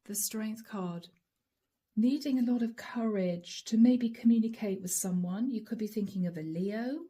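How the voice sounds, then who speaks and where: Hoarse woman giving a tarot reading. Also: mid-range voice, normal speed, mellow. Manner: musing, speaks directly to each sign by nickname. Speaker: tarot reader. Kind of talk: channeled tarot reading to viewers.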